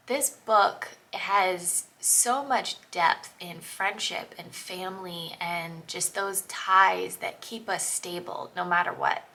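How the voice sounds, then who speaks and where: A woman in her thirties from New England talks through her book picks in a chatty, earnest way. Her voice is bright and forward with a gravelly edge. She laughs at herself as she goes. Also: on the low side. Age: 30s. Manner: chatty, earnest, self-deprecating. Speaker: book vlogger. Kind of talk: casual book recommendations.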